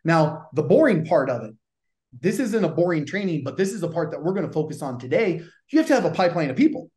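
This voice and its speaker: A man's voice: a little high, sing-song, quick pace, darkish tone, echoey room. Punchy Southern man coaching gym owners. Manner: punchy, pushy, swears casually. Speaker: gym business coach and podcast host. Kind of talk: energetic coaching talk.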